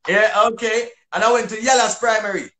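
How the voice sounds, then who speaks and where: A man from Jamaica with a Jamaican accent, talking in a casual, lively interview as a dancehall artist guest. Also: sits high, a little fast. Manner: lively, animated patois-laced talk.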